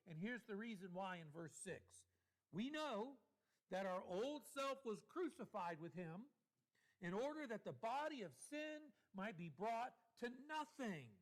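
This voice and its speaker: A man preaching a sermon in a church, deliberate and repeating key phrases for emphasis. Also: extremely high pitch, a bit bright.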